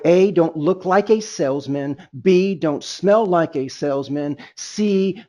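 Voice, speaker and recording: A man's voice: fairly high pitch, dark tone, lo-fi sound. A man leading a sales training webinar, emphatic and rambling, often restarting his sentences.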